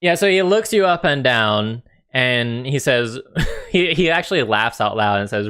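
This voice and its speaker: A man's voice: medium pitch, normal speed, bright, forceful tone, smooth. A man narrating as dungeon master in a loose, casual way, with many fillers and some swearing. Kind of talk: narrating a tabletop game.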